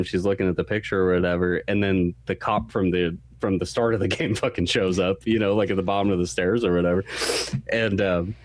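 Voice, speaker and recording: A man with a low voice, co-hosting a casual game podcast. He rambles through his points with lots of fillers and swearing. His delivery is loose and unhurried. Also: a little mellow, dry recording. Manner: rambling, profane, filler-heavy. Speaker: podcast co-host.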